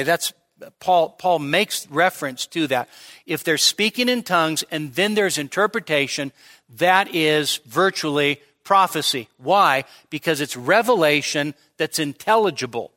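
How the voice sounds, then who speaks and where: A man preaching a midweek teaching sermon, walking his congregation through each point and pausing to check they follow. His voice sits a little higher than most men's and rings bright and forceful. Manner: explanatory, checks in with the congregation often. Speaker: pastor.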